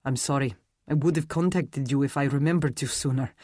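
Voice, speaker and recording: A man voicing a weary, soft-spoken immortal warrior. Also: medium pitch, fairly quick, dry recording, clean studio sound, close to an everyday voice. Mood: soft, wary. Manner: soft, doubtful.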